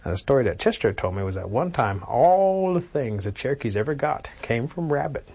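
A man telling a traditional folk tale in an unhurried, animated way, acting out sounds. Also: medium pitch, slightly rough, lo-fi sound. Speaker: storyteller. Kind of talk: traditional oral storytelling.

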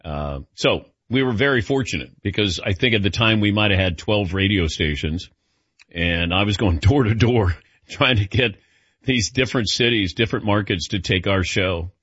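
A man's voice: fairly low pitch, lively intonation, normal speed, fairly bright tone, husky, dry recording. A middle-aged man hosting a sports radio show, chatting casually with a wry, self-deprecating manner. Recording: dull lo-fi broadcast audio.

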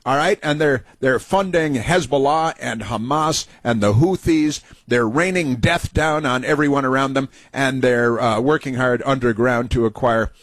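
A male talk radio host riffing through political commentary, sarcastic and mocking, stumbling over filler words as he goes. His voice sits at a middle pitch. It is recorded dry and close, with no room sound. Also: moderate pace, hardly any pauses, a bit bright, no room sound.

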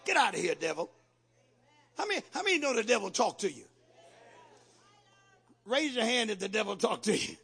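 A male pastor preaching a sermon with call-and-response, building from steady teaching to shouted exhortation. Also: high voice, a little fast, pauses often, husky.

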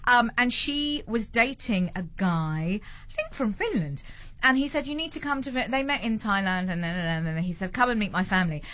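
A woman's voice: medium pitch, expressive, moderate pace, a bit bright. A middle-aged British woman hosting a breakfast radio show, chatty and self-deprecating, laughing and restarting often. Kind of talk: casual chat interview. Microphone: studio mic.

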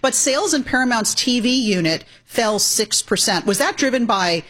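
Woman asking a brisk radio interview question. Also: on the high side, animated, fairly bright tone.

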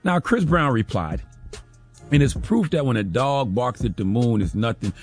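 A man's voice: mid-range voice, expressive, normal speed, faint music behind. A man giving an emphatic, sarcastic opinion commentary as a host, often tagging lines with "okay?".

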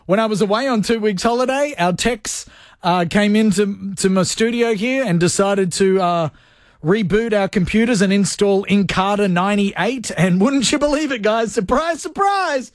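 A man's voice: high-pitched, normal speed, dry recording. A man hosting a radio show, playful and jokey as he chats to listeners from his studio. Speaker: radio host. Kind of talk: energetic radio banter.

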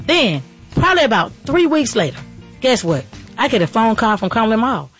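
A woman in middle age hosts a faith-driven motivational show, talking at a rapid clip. She is excited and preachy and keeps circling back to the same phrases. Soft music plays faintly underneath. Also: on the high side. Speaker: podcast host and restaurant owner.

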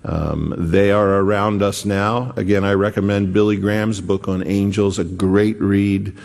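A man preaching a sermon, retelling scripture slowly and earnestly with frequent restarts. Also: lowish voice, fairly even intonation, gravelly, a little mellow. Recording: long hall reverb.

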